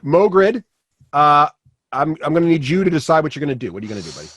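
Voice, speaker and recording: Rambling male game master, slightly high pitch, dry mic. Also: sing-song, quick pace, fairly bright tone, dry recording. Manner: rambling, many fillers and restarts. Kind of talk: running a tabletop game.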